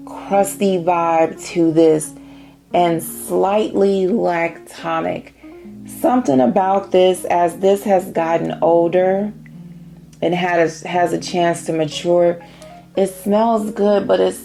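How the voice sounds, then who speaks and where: A middle-aged woman talks through her perfume collection in a relaxed vlog. Her voice is low-set, warm and gravelly, and she takes her time. Faint music plays under her. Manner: chatty, savoring, drawn-out phrasing. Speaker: fragrance vlogger. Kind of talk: casual perfume review.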